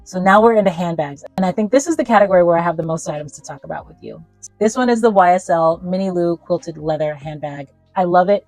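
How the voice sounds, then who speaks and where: A woman's voice: lowish voice, a little mellow, no echo, low-quality recording. A woman talking casually as a fashion vlogger, chatty and emphatic in a playful way. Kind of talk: casual product review.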